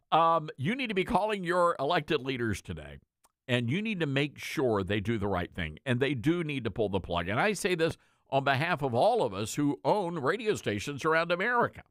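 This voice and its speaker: A man's voice: fairly high pitch, a bit bright, no echo, clean studio sound. A man hosting an opinionated talk radio monologue, joking and folksy as he addresses his listeners. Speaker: talk radio host and station owner.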